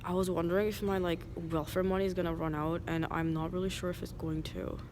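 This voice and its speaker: A woman's voice: on the low side, flat delivery, quick pace. Casting: woman vlogger, rambling, noisy street background. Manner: rambling, many "like" fillers. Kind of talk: rambling casual monologue.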